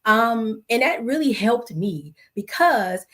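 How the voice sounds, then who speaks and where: A woman's voice: sing-song, slow pace, a bit bright. A woman hosting her own show, telling a heartfelt personal story in a casual, conversational way, acting out the quotes of others. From Los Angeles area. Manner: conversational, acts out quotes with pitch swings. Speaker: podcast host.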